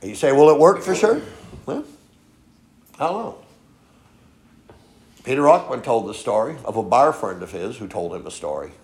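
A man's voice: fairly low pitch, expressive, normal speed, pauses often. Folksy preacher man in an echoey room. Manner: folksy storytelling, frequent "okay?" tag questions; swings from soft asides to loud emphatic lines. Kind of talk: sermon.

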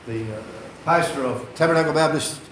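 A man's voice: fairly high pitch, fairly quick, fairly bright tone, a little hiss or hum. An older man preaching a sermon, telling folksy, rambling stories and repeating his phrases. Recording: echoey hall.

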